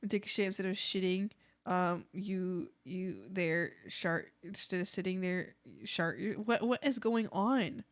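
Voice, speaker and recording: A woman's voice: lowish voice, fairly even intonation, unhurried, clear, resonant tone. A young woman art streamer chatting casually and scatterbrained with her viewers, laughing often. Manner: giggly, scattered, chats to viewers. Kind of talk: casual live-stream chat.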